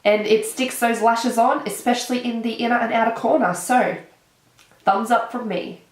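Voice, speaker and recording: A young woman with an Australian accent, talking casually as a beauty vlogger, her voice nasal from a cold and her manner bubbly and excitable. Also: fairly high pitch, moderate pace. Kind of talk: casual chat. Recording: echoey room.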